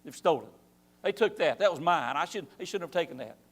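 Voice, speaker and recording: Lively high-voiced man teaching Bible class. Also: a little fast. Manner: animated preaching with rhetorical questions and acted-out quotes. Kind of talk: church Bible class lesson. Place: church.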